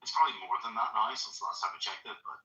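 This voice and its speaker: A man's voice: lowish voice, expressive, racing, pushed and bright, roomy sound. A man in a casual group chat who cuts in with crude, mocking remarks. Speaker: participant in an audio chat room. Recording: dull, distant call audio.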